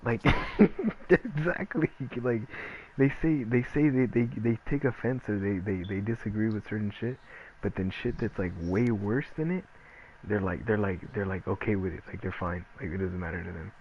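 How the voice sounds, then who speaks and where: A man with a fairly low voice gives casual gameplay commentary at a moderate pace, ranting in a rambling, profane way stuffed with filler words. The recording is muffled, with a noisy background.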